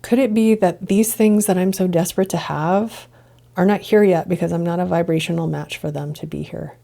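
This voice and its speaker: Woman musing on her podcast, kinda gravelly, dark mellow tone, earnest and reflective. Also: fairly low pitch, fairly even intonation, moderate pace. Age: adult, past childhood and drinking years. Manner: earnest, musing, rhetorical questions. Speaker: podcast host, integration coach. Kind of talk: reflective solo podcast monologue.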